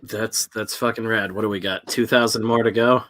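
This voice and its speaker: A man's voice: on the low side, steady tone, normal speed, fairly bright tone, slight background noise. A man co-hosting a podcast, chatting casually with frequent swearing and laughter. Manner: laid-back, swearing, laughing often. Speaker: podcast co-host. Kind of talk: casual chat.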